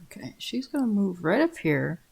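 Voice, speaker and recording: A woman's voice: mid-range voice, very animated, normal speed, vocal fry, darkish tone, breathy edge. A woman playing a tabletop game, steadily describing her moves and spells. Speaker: player. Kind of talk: casual tabletop game chat.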